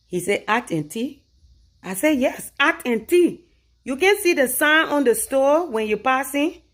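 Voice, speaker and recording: A woman from Liberia with a Liberian English accent, telling a comic story about her boyfriend and arguing her side with rising force. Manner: animated, rising loud and high when arguing her point. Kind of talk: comic anecdote told to camera.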